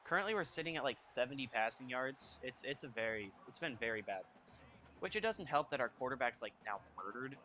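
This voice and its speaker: Young male gamer, bright forceful voice, excitable play-by-play over faint music. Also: mid-range voice, fairly quick. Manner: excitable, reacting loudly to plays. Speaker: gaming YouTuber. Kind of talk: casual gameplay commentary.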